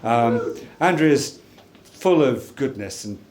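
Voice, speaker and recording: A man in his sixties giving a jokey wedding speech as the groom, telling stories with lively timing. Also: medium pitch, slow, noisy background. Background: laughing wedding crowd.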